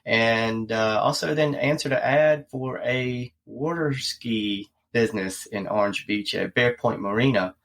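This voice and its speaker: A man, a tour boat captain answering interview questions in an earnest, measured way. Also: medium pitch, a bit bright.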